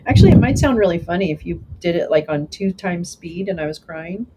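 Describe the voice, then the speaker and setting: A woman's voice: lowish voice, expressive, fairly quick, heavy background noise. A woman hosting a live stream, chatting casually with viewers and answering their comments in a meandering way with frequent restarts.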